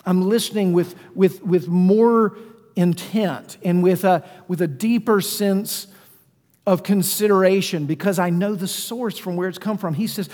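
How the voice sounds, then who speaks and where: A man's voice: high-pitched, measured pace, a little mellow. A man preaching a sermon as pastor, talking conversationally and putting questions to his listeners. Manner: conversational, asks the congregation questions. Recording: long reverb of a church hall.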